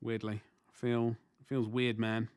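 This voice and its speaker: A man's voice: mid-range voice, level tone, a little slow, a little mellow, clean tone, dry recording, studio quality. A man in his forties chatting casually on a livestream while painting miniatures, rambling and self-deprecating as he answers chat. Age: 40s.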